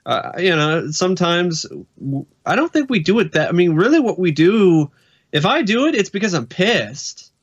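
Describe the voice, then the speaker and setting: A man's voice: high voice, sing-song, normal speed, muffled recording. A man co-hosting a podcast, talking casually with many fillers, and he swears bluntly when something angers him. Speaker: podcast co-host.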